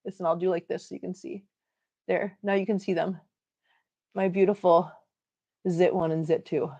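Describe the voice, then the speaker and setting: A woman's voice: lowish voice, flat delivery, moderate pace, warm tone. Chatty middle-aged woman, dull audio. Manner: joking, chatty, reads comments aloud and laughs. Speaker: livestream host reading chat. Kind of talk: casual livestream chat.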